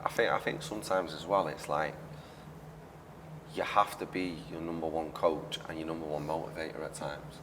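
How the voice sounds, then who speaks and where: A man's voice: extremely low pitch, fairly even intonation, moderate pace, background noise. Man, podcast host, earnest, repetitive emphasis, long reverb, far from mic. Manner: earnest, repeats himself for emphasis. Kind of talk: casual interview chat. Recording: echoey room, distant mic.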